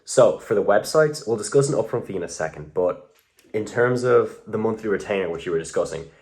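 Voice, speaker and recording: A man's voice: fairly low pitch, lively intonation, a little fast, a little mellow. A young man talking casually in a vlog, rambling, swearing often and poking fun at himself. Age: young adult. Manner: rambling, profane, self-mocking. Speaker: vlogger.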